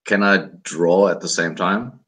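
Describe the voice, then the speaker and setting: A man playing a tabletop role-playing game, gruff and dry while speaking in character. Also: sits low, fairly even intonation, unhurried, crowd noise. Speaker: player.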